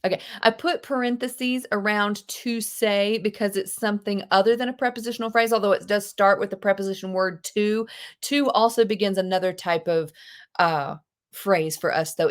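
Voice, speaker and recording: A woman teaching a live online English class, animated and chatty, with gasps and quick asides to her students. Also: mid-range voice. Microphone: video call.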